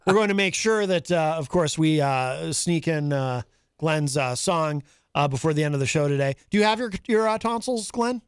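A man's voice: a little high, moderate pace, smooth, no echo. A man hosting a talk show in a studio, chatting with guests, reading listener messages aloud and laughing often. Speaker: radio talk show host. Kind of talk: casual studio banter.

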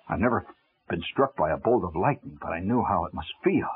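A man telling a humorous first-person story on the radio, wry and animated, swinging from loud to hushed. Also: low-pitched, a little fast, breathy edge. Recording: tinny old radio broadcast with music.

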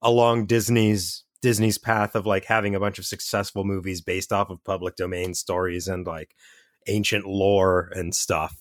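A man's voice: low-pitched, little pitch movement, moderate pace, no room sound, clean studio sound. A man co-hosting a casual movie podcast, rambling and often searching for the right word. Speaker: podcast co-host. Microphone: home mic over online call.

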